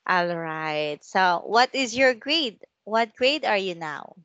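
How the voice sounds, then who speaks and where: A woman teaching a one-on-one online English lesson, speaking slowly and encouragingly and modelling words for the student to repeat over a video call. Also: mid-range voice, expressive, a bit bright, no room sound, highs cut off.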